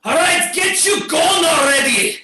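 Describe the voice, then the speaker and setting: A man improvising a bossy lawn-care boss who shouts his orders. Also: very high-pitched, lively intonation, unhurried, heavily acted. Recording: roomy, far from mic.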